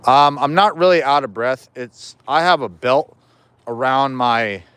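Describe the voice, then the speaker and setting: Heard through a chest-mounted POV camera, a man walks home outside while chatting casually on a livestream, rambling, joking and swearing freely. His mid-range voice is unhurried, fairly bright, clear and resonant, in a dry recording.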